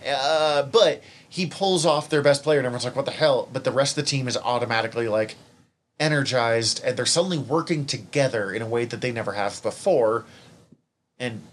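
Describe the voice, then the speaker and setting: A man's voice: mid-range voice, a little fast. Chatty man with faint room hiss. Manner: chatty, fillers, acts out quotes. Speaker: podcast co-host. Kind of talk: casual chat reviewing a TV series.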